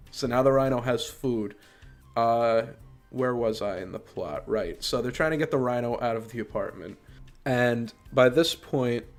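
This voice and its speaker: A man in a middle register runs a podcast and talks through a movie in a casual review. He sounds sarcastic and exasperated. Soft music plays faintly behind him. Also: mid-range voice.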